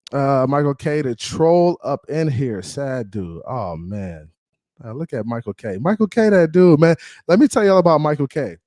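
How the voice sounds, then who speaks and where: Animated trash-talking man hosting a livestream. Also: medium pitch, moderate pace, no room sound, studio quality. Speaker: livestream sports show host. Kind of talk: casual live-stream banter.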